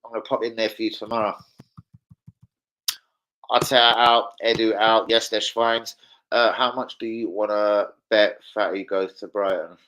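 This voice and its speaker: A man's voice: on the low side, little pitch movement, moderate pace, sharp tone, low-quality recording. A man chatting live to viewers about football, with sweary, blunt banter. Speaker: football fan streamer. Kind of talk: casual live-stream chat.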